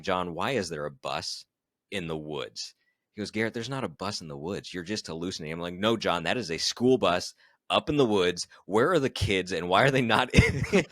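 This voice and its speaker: A man's voice: deep voice, dry recording, clean studio sound. A young man, a podcast guest, telling a long personal story in an interview and acting out the dialogue. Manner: animated storyteller who acts out quoted dialogue.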